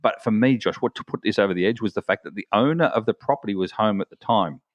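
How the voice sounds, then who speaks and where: A lower-pitched man co-hosts a podcast in easy conversation, spinning long stories and circling back on himself. His voice sits close to the mic with no room sound at all. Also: fast, no room sound, highs cut off. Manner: rambling, builds long stories with many restarts. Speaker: podcast co-host. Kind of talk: casual chat.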